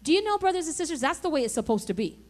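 A woman's voice: high voice, very animated, racing, a little mellow. A woman pastor preaching a sermon in an emphatic, conversational way, asking the congregation for responses.

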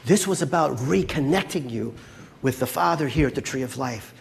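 A male pastor preaching in a loose, conversational way, with an easy, moderate-pitched voice. He keeps his listeners involved and often checks in with a quick question. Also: animated, vocal fry, slight background noise. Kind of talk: sermon.

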